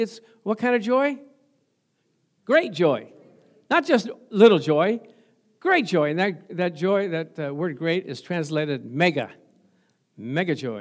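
A male pastor preaching a sermon in a conversational way, asking the congregation rhetorical questions and acting out little stories. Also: high-pitched. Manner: storytelling, acting out remembered exchanges.

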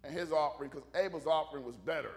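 A man preaching a casual, humorous sermon, animated and conversational, joking with the congregation. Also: fairly high pitch, very fast.

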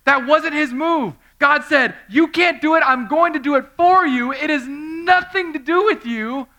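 A man preaching a sermon, telling a story with animation and acting out quoted voices, swinging between loud and hushed delivery. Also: very high voice, a little slow. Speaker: pastor.

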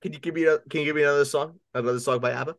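A man's voice: a little high, fairly even intonation, very fast, dry recording, studio quality. A man co-hosting a casual fantasy football podcast, teasing his partner in a playful way. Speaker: podcast co-host.

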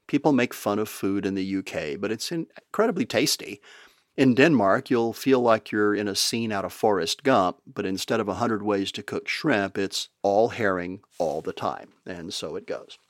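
A man's voice: fairly low pitch, normal speed, dry recording, clean studio sound. An older man narrating his travel stories in a wry, conversational way with playful asides. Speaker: podcast storyteller. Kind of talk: storytelling narration.

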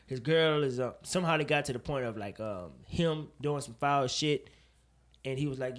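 A man co-hosting a casual chat show, talking in an animated, profane way and pressing his point with rising emphasis. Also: medium pitch, moderate pace. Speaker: podcast co-host.

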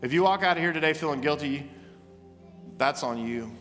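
A male pastor tells a story and drives his point home with animated, emphatic repetition. His voice sits somewhat high and sounds bright and forceful. It rings through a church with a long reverb and faint music underneath. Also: brisk. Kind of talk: sermon. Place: church sanctuary.

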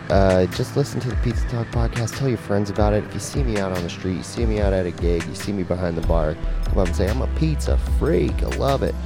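Deep-voiced, rambling podcast host. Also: male voice. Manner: loose, rambling and profane. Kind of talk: casual podcast chat.

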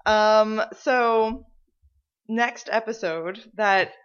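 A woman's voice: mid-range voice, extremely slow, smooth, highs cut off. A woman co-hosting a podcast in casual chat, chatty and enthusiastic as she walks through an episode list. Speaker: podcast co-host.

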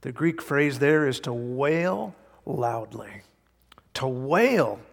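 A man preaching a sermon in a church, emphatic, swinging between loud and hushed. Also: medium pitch, expressive, slow, creaky. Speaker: pastor. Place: church sanctuary. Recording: long hall reverb.

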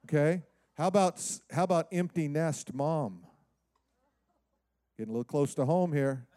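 A pastor preaching a sermon in an animated way, acting out the voices of the people he quotes. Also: fairly high pitch, moderate pace, dry recording, clean studio sound.

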